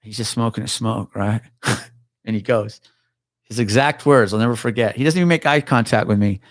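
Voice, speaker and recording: A man in his forties, a retired police officer, telling a profane, animated story as a podcast guest. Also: lowish voice, normal speed, dry recording, clean studio sound. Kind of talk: casual storytelling chat.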